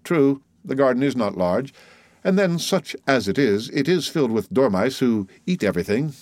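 A man's voice: mid-range voice, very animated, moderate pace, a little mellow, no echo, voice pushed up, natural voice. A man voicing a humble middle-aged telegraph keeper who is earnest, timid and respectful, in an audiobook reading. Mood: explaining. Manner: eager, anxious, respectful.

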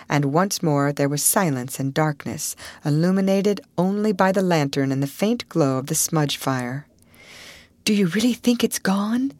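A woman reading a classic adventure novel aloud as an audiobook narrator, measured and expressive. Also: deep voice, no room sound.

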